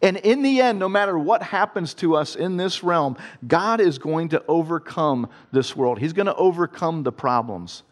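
A man's voice: a little high, expressive, moderate pace, few pauses. A man from Ohio telling a personal story in a conversational way and turning it into an earnest devotional talk. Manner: earnest, conversational storytelling with self-deprecating laughs. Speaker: father telling a faith story.

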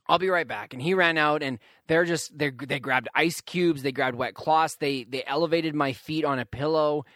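A young man telling a personal story in a casual monologue, animated and emphatic, often addressing his listeners directly. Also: a little high, no echo.

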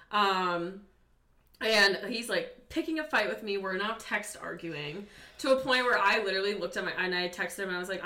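A young podcast guest with a bright, clear, medium-pitched voice tells a wild story in a casual chat, full of energy, swearing freely and packing her speech with "like." The room has a noticeable echo.

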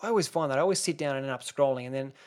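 A man's voice: mid-range voice, racing, a little mellow. A young Australian man hosting a solo podcast, rambling and sarcastic, swearing freely and restarting his sentences. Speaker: podcast host. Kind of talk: casual solo podcast rant.

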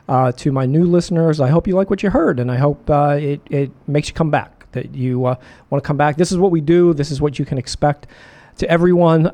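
A man hosting a radio music show. He back-announces songs in a casual, rambling way, correcting himself with many filler pauses and hiccuping as he goes. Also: a little high, dark tone.

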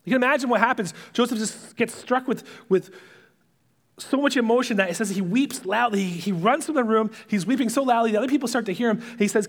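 A male pastor preaching a sermon, retelling a story dramatically and dropping to hushed whispers at its emotional moments. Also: very high-pitched, quick pace.

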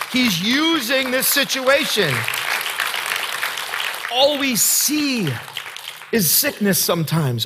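Bright, high-voiced male pastor preaching. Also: slight background noise. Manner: earnest, conversational preaching with direct questions to the congregation. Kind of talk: sermon.

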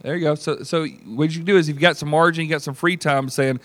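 A man, leading a Bible study as pastor in a folksy, animated teaching style and acting out voices. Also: medium pitch, quick pace, hardly any pauses, dry recording. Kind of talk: teaching sermon with group discussion.

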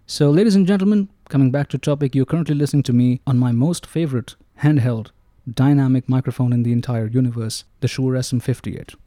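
Man, playful gear reviewer with a very dark, mellow voice and a dry, close-mic sound. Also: medium pitch, flat delivery, fairly quick, dry recording. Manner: playful and self-mocking, often calls out "ladies and gentlemen". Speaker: microphone reviewer. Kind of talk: casual gear review monologue. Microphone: close-up dynamic microphones, about three inches away.

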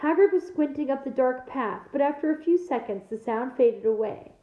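A woman teacher reading a novel aloud to her class, in a steady storytelling manner with small slips. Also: sits high, normal speed. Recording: echoey room, tinny phone-like sound.

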